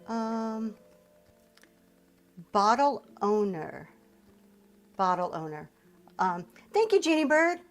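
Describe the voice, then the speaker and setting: A woman's voice: a little high, very animated, slow, pauses often, soft background music. A middle-aged woman from Pennsylvania, hosting a live reselling auction in an upbeat, chatty way and thanking her viewers as she goes. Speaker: live-stream reseller host. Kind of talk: live auction selling chat.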